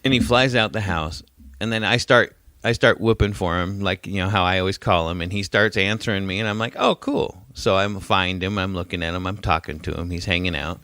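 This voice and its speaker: A man in casual podcast chat, swearing freely as he tells his stories. His voice sits on the low side. The sound is dry and close, with no room around it. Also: fairly even intonation, brisk, pushed and bright, no room sound. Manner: profane, blunt storytelling. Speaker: podcast co-host.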